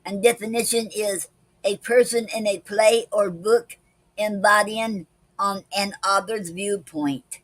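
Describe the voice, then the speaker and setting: Slow, careful woman reading poetry. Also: mid-range voice, steady tone, no room sound, poor audio. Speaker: poetry club host. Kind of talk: reading poems and a word lesson on a livestream.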